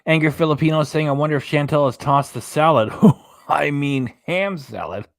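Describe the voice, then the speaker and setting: A man's voice: on the high side, normal speed, vocal fry, no echo, clean studio sound. A man hosting a casual livestream, reading viewer comments aloud and rambling between topics. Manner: rambling, chatty, reads out chat messages and web pages. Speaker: host of a reaction livestream.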